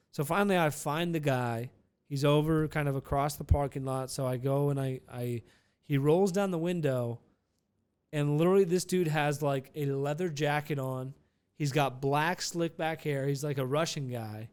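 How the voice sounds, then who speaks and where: A man's voice: medium pitch, a little mellow, clean tone. A man telling a casual, rambling vlog story with many restarts and some profanity.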